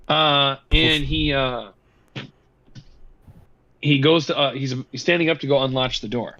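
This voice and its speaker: A man's voice: medium pitch, steady tone, a little slow, long pauses, sharp tone, dull audio. A man running a tabletop game as game master, rambling and hesitant. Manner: rambling, lots of ums and uhs.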